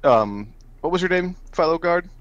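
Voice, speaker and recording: Lively man playing a tabletop game. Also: fairly high pitch, normal speed, dull audio, a little hiss or hum. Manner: joking, theatrical. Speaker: player. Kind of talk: in-character tabletop role-play.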